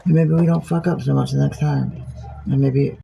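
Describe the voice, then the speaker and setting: A man's voice: medium pitch, steady tone, moderate pace, vocal fry, mellow, slightly rough, rough recording. A man talking casually on a phone livestream, musing aloud, rambling and swearing freely.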